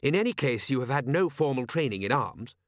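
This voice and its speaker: A man voicing a haughty aristocratic lord who speaks in a clipped, disdainful, deliberate way. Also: medium pitch, sing-song, dry recording, clean studio sound, lightly acted. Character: haughty aristocratic male lord, cold and contemptuous.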